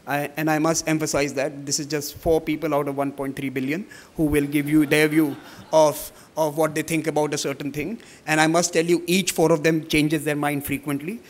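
A middle-aged man giving formal welcome remarks at a conference, measured, with many fillers when he speaks off the cuff. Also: a little high. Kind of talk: formal welcome speech, partly read, partly ad-libbed.

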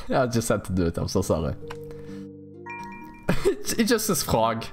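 A young man giving casual, jokey let's play commentary on a horror game, rambling and squealing up high when excited. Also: a little slow, pauses often. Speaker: gaming YouTuber. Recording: faint game music behind.

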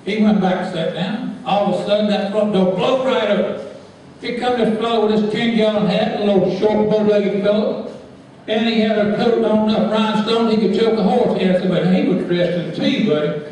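A man telling a folksy story to a live crowd, animated and laughing as he goes. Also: high voice, fairly quick. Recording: echoey hall from far off.

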